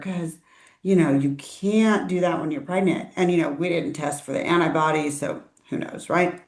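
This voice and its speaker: A middle-aged woman hosting an interview, telling stories in a lively, chatty way and acting out what people said. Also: moderate pace. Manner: animated storyteller, acts out quotes with big pitch swings. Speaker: interview host, IVF parent. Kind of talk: casual interview chat. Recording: roomy echo.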